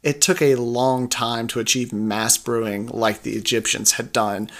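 A man co-hosting a podcast, explaining beer history in a relaxed, joking way. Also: mid-range voice, unhurried. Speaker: podcast co-host. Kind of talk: casual chat about beer history.

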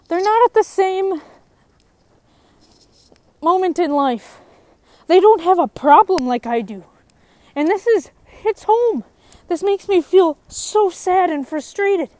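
A woman's voice: very high-pitched, animated, unhurried, long pauses, a little mellow, no echo. A young woman in recovery telling her own story, frank and emotional, her voice rising when she gets frustrated. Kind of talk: personal testimony.

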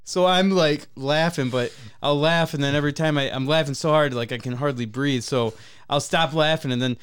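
A man's voice: a little high, moderate pace, a bit bright, clean tone. A man co-hosting a podcast, telling a crude story in casual chat, rambling and swearing and often breaking into laughter. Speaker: podcast co-host.

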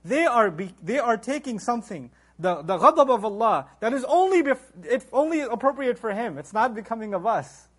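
A middle-aged man giving a religious lecture, animated and acting out quoted voices. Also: very high-pitched, moderate pace, hardly any pauses, slightly rough. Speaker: Islamic lecturer.

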